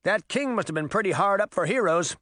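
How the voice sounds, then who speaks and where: A cocky uncle taunts and mocks with lively swings in pitch, as a man reads the part. His voice sits a little high, and the sound is dry and close. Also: a little fast, no echo. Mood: taunting. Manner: wisecracking, taunting. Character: cocky, mocking adult uncle.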